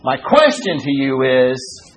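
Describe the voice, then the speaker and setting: Folksy man teaching a slow Bible study. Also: very animated, slightly rough, rough recording. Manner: folksy and joking, often saying "you know"; swings from raised preaching to low asides.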